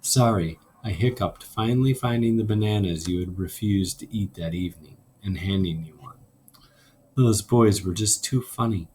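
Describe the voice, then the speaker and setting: A man, a teacher, reads a novel aloud to his class at an unhurried storytelling pace, voicing the characters' lines, then gives a class assignment. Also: lowish voice, darkish tone, slight background noise.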